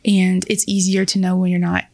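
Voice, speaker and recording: A woman's voice: lowish voice, flat delivery, moderate pace, vocal fry, dark tone, dry recording. A woman co-hosting a podcast, speaking in an earnest, reflective way. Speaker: podcast co-host. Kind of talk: casual chat.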